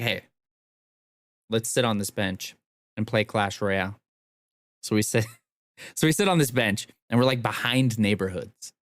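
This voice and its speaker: A young man with a somewhat low voice tells a rambling story in a relaxed way. He acts out the other people's lines as he goes. The recording is dry and close, with no room echo. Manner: laid-back, drawn-out anecdotes acting out quotes. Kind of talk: casual storytelling.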